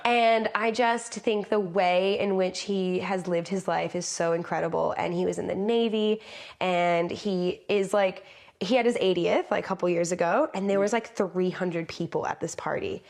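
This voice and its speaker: Woman, chatty animated storyteller. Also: fairly low pitch, moderate pace, creaky. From United States. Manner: animated storyteller who acts out quotes. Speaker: podcast guest, lived experience practitioner. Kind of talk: conversational interview.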